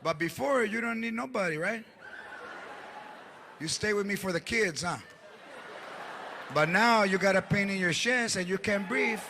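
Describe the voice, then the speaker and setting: A man's voice: high voice, measured pace, creaky, pauses often, a little hiss or hum, exaggerated voice. A man voicing an older aunt who taunts and scolds her sick husband, recorded live over audience laughter. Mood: scornful taunting. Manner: mocking, taunting, repeating herself. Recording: live stage mic, loud audience laughter.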